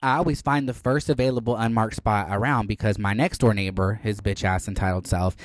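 A man's voice: on the low side, fairly even intonation, fairly quick, dry recording. A young man hosting a podcast, telling a story in a rambling, profane, casual way. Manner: rambling, profane, lots of "like" fillers. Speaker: podcast host. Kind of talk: casual chat.

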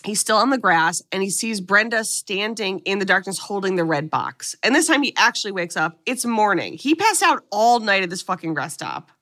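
A woman's voice: medium pitch, very animated, normal speed, few pauses, a bit bright. A woman co-hosting a podcast, recapping a movie in casual chat and swearing freely as she tells the story.

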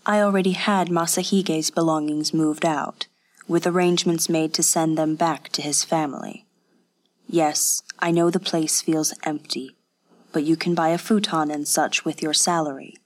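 A woman's voice: sits low, steady tone, moderate pace, natural voice. A woman reading the part of a male village constable who teases in a dry, knowing, lightly mocking way. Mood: matter-of-fact. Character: wry male village constable, teasing mentor. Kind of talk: audiobook character voice.

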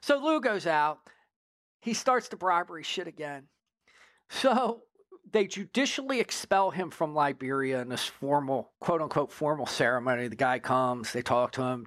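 A man's voice: on the high side, moderate pace, dry recording. A man, a former drug agent, telling a story in a casual interview, full of swearing and frequent "right?" check-ins. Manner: profane, animated storyteller who keeps checking in with "right?".

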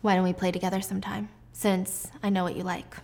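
A woman's voice: mid-range voice, little pitch movement, a little fast, gravelly, darkish tone. A woman reading the lines of a cool, aloof rich businessman from a drama in a curt, reserved way.

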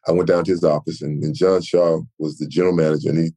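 A man from Texas in his sixties, a retired football player telling animated stories in an interview. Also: extremely low pitch, fast. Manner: animated storyteller, acts out quoted voices. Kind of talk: storytelling interview.

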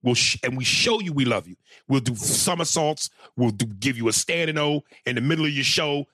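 A male stand-up comedian telling a story in a casual, profane, animated way, with many restarts. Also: medium pitch, a little fast, dry recording, clean studio sound.

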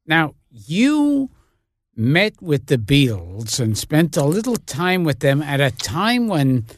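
A man co-hosting an interview show, asking questions in a jokey, animated way. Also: on the high side, takes it slowly, slight background noise. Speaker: podcast co-host. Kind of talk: casual interview chat.

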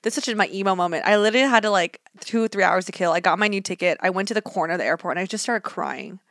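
This podcast co-host has a mid-range voice and talks fast while telling a story in casual chat. Her delivery is animated, with quotes acted out. The sound is dry and studio quality.

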